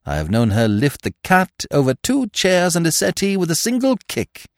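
A man doing a suave, long-winded gentleman. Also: on the high side, huge pitch swings, normal speed, no room sound, studio quality, pitched above the performer's own voice. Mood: mock-solemn. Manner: ornate, grave and mock-sincere. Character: suave, verbose young gentleman, mock-solemn.

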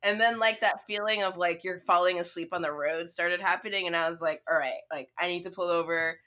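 A young woman spins a story in casual chat, cursing freely and acting out her own lines. Her voice is bright and forceful, sitting a little low. She talks casually throughout. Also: brisk. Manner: profane, animated storytelling.

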